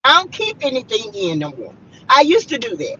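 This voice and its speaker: A woman from South Carolina preaches and rants hard at her viewers from inside her car, fiery and blunt. Her voice sits high and swings widely up and down. The sound is dull and lo-fi, with a dry, close feel. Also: huge pitch swings, fairly quick, pushed and bright, husky. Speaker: vlogger. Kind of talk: heated rant to viewers.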